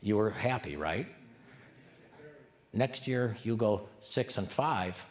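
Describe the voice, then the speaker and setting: A man giving a live community talk in an animated voice that swings widely in pitch. He jokes with the crowd and keeps putting questions to them. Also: slow pace. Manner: lively, joking, asks the audience questions. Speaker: community speaker.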